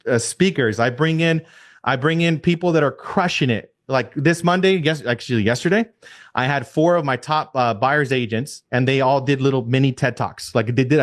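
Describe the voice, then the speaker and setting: A man who leads a real estate team, giving an energetic coaching talk on a video call, repeating his key points and firing rhetorical questions at his listeners. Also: medium pitch.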